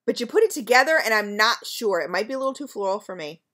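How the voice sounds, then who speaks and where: A woman's voice: on the high side, lively intonation, quick pace, fairly bright tone. A woman reviewing scented wax melts in a casual home vlog, chatty and gushing, talking straight to her viewers with frequent ums.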